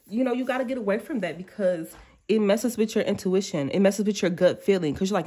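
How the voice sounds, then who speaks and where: A woman's voice: mid-range voice, fairly quick. A woman giving a casual tarot reading to her viewers, chatty and slangy, often breaking off to act out quoted thoughts. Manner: chatty, animated, slangy and self-interrupting, acting out quoted thoughts. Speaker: tarot reader.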